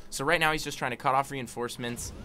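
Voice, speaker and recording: A young man casting an esports match, excitable and chatty, rambling through anecdotes between plays. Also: medium pitch, fast talker, a little hiss or hum. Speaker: esports commentator. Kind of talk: play-by-play game commentary.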